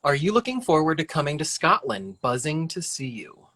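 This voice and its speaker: A man's voice: fairly high pitch, big pitch swings, moderate pace, sharp tone. Man reading out viewer questions. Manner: playful, teasing. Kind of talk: casual livestream chat.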